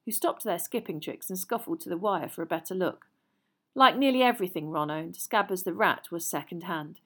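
A woman narrating a children's fantasy story aloud in a measured, even way. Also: lowish voice.

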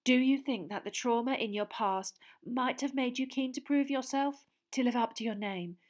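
Woman reader as brisk nosy lady journalist, pushy, interrupts. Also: a little high, voice pushed up, lightly acted. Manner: pushy, talks over others. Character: brisk prying female gossip journalist.

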